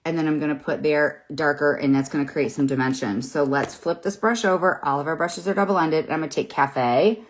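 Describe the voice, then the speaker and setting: Low-voiced chatty woman in her fifties. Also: brisk, few pauses. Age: 50s. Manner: chatty, encouraging, rambling with fillers. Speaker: makeup seller and host. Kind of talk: live makeup tutorial, casual chat. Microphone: phone or webcam in front of her.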